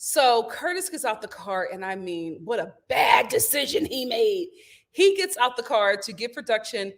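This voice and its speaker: A woman with a bright, high voice that leaps all over the place as she recaps a reality show. She tells the scenes dramatically, chats casually with her viewers and acts out what the people on screen said. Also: moderate pace. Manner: animated, dramatic retelling with gasps and playful acted-out quotes. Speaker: host of a reality TV review show. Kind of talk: casual recap to a live audience.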